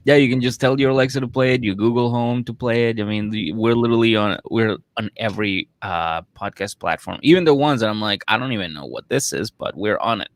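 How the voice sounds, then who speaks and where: Male podcast co-host, middle pitch, dry close mic, animated storyteller who swears casually. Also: fairly quick, hardly any pauses, no room sound.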